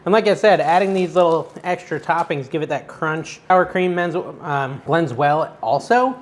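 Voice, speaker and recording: A man's voice: on the high side, expressive, moderate pace. A man hosting a casual cooking vlog from his kitchen, chatting as he cooks in an unsure, self-deprecating way. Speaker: cooking show host.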